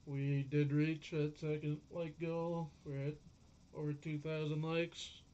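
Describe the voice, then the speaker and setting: A man with a fairly high, smooth voice gives slow, matter-of-fact updates as co-host. His sound comes through dull and lo-fi. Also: level tone, mellow. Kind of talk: casual announcements.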